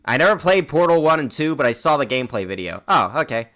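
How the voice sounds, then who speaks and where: A man's voice: fairly high pitch, big pitch swings, fast talker, fairly bright tone. A young man streaming a game in casual chat, rambling and restarting his words, with a slightly sore throat. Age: young adult.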